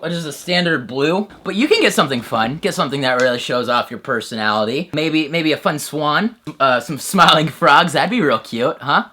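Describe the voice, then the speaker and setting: A young man hosting a satirical comedy sketch, crude and sarcastic, switching between flat mock-serious narration and loud bro shouting. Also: fairly high pitch.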